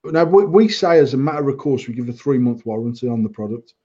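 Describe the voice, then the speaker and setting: A man's voice: medium pitch, animated, fast, warm tone, husky, lo-fi sound. A man, a vape shop owner hosting a casual podcast chat, blunt and sweary, laughing often.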